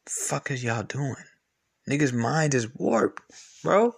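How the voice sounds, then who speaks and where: A man's voice: mid-range voice, sing-song, takes it slowly, creaky, slightly rough. A man hosting a podcast, ranting in a blunt, profane, repetitive and argumentative way. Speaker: podcast host. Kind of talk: casual podcast rant.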